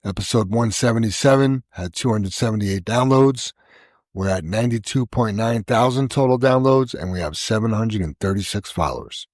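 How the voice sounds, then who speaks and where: A man's voice: lowish voice, moderate pace, a little mellow, dry recording, studio quality. A man hosting a casual podcast, leading a prayer and telling jokes. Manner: leads group prayer, jokey. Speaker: podcast host.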